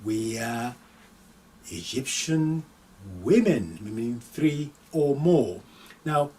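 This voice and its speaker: A male Arabic teacher gives a live lesson, his voice rising and falling in a lively way as he stresses words. He reads slowly and carefully, repeating each phrase and then translating it. He sounds set back from the microphone. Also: mid-range voice, recorded from a distance, rough recording. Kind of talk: live online language lesson.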